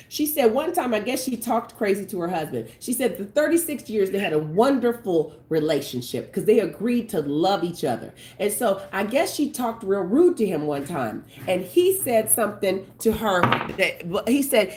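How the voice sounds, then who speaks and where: A woman prophetess giving lively, joking relationship advice in a preaching style. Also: medium pitch. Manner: animated, laughing, quick to joke. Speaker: prophetess and co-host.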